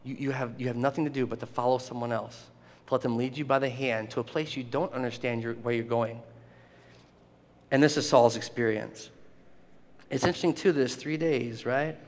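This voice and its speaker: A man preaching a sermon, animated and often laughing, acting out the voices in the story. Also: mid-range voice, a little fast. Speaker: pastor. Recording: long hall reverb.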